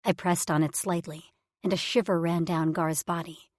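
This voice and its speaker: A woman's voice: lowish voice, steady tone, moderate pace, dry recording. Woman narrating a romance audiobook, close and dry. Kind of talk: first-person romance narration.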